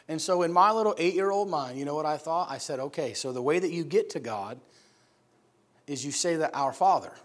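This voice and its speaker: A middle-aged man from upstate New York delivers a sermon as a lively personal story. His voice sits fairly high for a man. He swings between loud, shouted lines for the people in his story and quiet, hushed passages when things turn serious. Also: fairly quick. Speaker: preacher.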